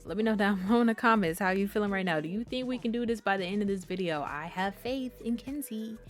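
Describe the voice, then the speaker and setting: A woman's voice: mid-range voice, fast talker, faint music behind. A young woman giving casual, chatty let's-play commentary and talking straight to her viewers. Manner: chatty, animated, addresses viewers as y'all. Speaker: gaming YouTuber.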